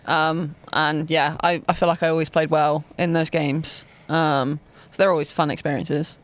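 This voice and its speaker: Young woman from Bristol, podcast guest, smooth clear voice, hesitant and casual. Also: low voice, flat delivery, moderate pace. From Bristol, England. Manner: hesitant, many ums and likes. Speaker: guest basketball player.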